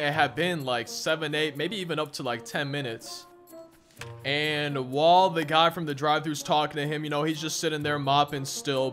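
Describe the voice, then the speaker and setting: A young man tells a long, meandering story while he plays a game, and his voice sits a little on the high side. He keeps restarting his sentences and padding them with fillers. Faint music plays underneath. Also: a bit bright. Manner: rambling, frequent restarts and "like". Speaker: gaming storyteller. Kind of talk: casual story time over gameplay.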